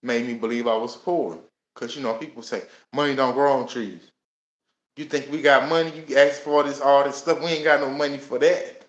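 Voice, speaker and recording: A man in his thirties telling his own life story in a casual, animated way, acting out what he and others said. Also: mid-range voice, moderate pace, highs cut off. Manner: casual and animated, with many laughs and voiced asides. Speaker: host. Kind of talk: personal storytelling. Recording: echoey room.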